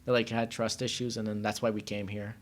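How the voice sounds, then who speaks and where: A man's voice: lowish voice, level tone, brisk, a little hiss or hum. A man from Iran, a podcast guest in casual chat, rambling and full of fillers like "like". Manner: rambling, filler-heavy, often says "like".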